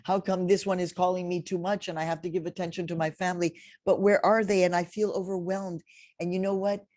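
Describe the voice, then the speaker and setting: A woman's voice: lowish voice, level tone, a little fast, a little mellow. Heartfelt woman giving a commencement speech. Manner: heartfelt, rising to tearful near the end. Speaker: commencement speaker.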